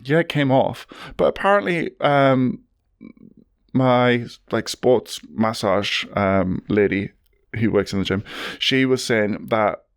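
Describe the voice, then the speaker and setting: Brief: male co-host, chatty and animated, dry close recording. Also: medium pitch, takes it slowly, clear, resonant tone, no echo. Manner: animated storyteller, swears casually. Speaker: podcast co-host. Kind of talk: casual chat.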